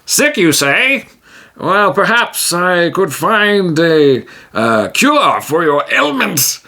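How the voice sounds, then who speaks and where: A man's voice: sits high, sing-song, takes it slowly, bright, forceful tone, voice pushed up, full character voice. A man voicing a grandiose, boastful male adventurer who is proud of his strength, in a solo tabletop game. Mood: pompous. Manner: grandiose, theatrical.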